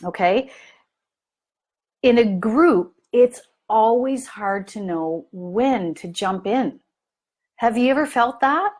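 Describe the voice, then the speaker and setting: A woman's voice: fairly high pitch, lively intonation, takes it slowly, darkish tone. A woman giving a live parent training, telling an everyday story and asking her listeners questions, with many fillers. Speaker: family consultant giving a training. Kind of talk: live online training talk.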